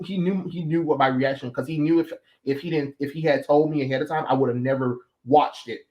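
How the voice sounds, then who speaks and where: A man's voice: a little high, a little fast, dark tone, lo-fi sound. A man hosting a livestream chat, ranting in a heated, blunt way with some profanity. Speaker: stream host. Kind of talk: casual chat.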